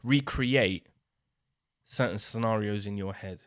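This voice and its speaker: A man's voice: on the low side, takes it slowly, dry recording, studio quality. A man, co-hosting a podcast, talking through ideas in a reflective way with many restarts. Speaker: podcast co-host. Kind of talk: casual discussion.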